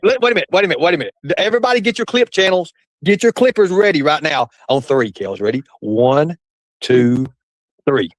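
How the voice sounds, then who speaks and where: A man's voice: mid-range voice, expressive, fairly quick, no room sound, rough recording. A man hosting a casual livestream chat in a hyped showman way, swearing freely as he talks with a guest. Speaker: livestream host.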